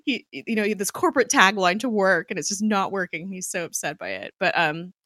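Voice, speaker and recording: Chatty woman with a bright, pressed tone. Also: mid-range voice, a little fast, dry recording, studio quality. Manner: chatty, filler-heavy with frequent laughs. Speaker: podcast host recapping a TV episode. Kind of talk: casual episode recap.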